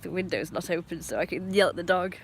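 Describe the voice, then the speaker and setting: A woman's voice: on the low side, fast, breathy edge. A woman chatting casually on a live stream, talking to her viewers and scolding her dog.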